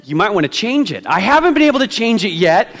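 A middle-aged man leads a church sermon as pastor, his voice pitched high. He moves from quiet, unhurried prayer to easygoing, self-mocking storytelling. The sound carries a long reverb from a large sanctuary. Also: big pitch swings. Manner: conversational, self-deprecating humor; hushed, slow prayer.

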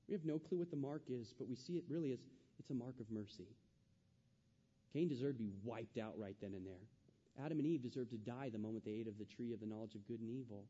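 A man's voice: fairly high pitch, normal speed, warm tone, in a large hall, muffled recording. A male pastor preaching a sermon, acting out the quoted voices with rising intensity.

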